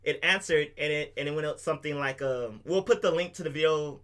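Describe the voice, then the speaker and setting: A man's voice: on the high side, brisk, fairly bright tone. A man co-hosting a podcast, explaining things at length with enthusiasm in a casual chat. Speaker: podcast co-host.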